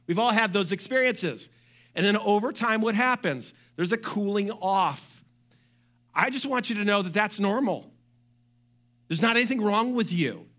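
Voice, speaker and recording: High-voiced, bright animated male pastor. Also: moderate pace. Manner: animated, joking asides and quoted voices. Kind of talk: sermon.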